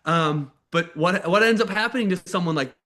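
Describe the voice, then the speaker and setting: On an online call, a motivational speaker from the United States, in his thirties, tells his personal story candidly and casually. He talks fairly quickly in a sharp, high-pitched voice, sometimes acting out quoted people.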